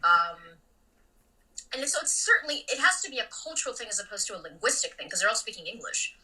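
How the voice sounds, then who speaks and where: A woman comedian chatting casually as a podcast guest, blunt and animated, swinging between loud remarks and muttered asides. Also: mid-range voice, quick pace, far from the mic, poor audio.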